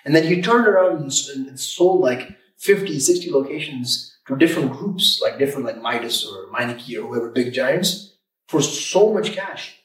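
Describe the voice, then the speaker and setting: A man who owns an auto repair shop, talking in an energetic, emphatic way on a podcast and often repeating words. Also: mid-range voice, normal speed, roomy sound, recorded from a distance, poor audio. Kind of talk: casual podcast chat. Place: room, recording a podcast.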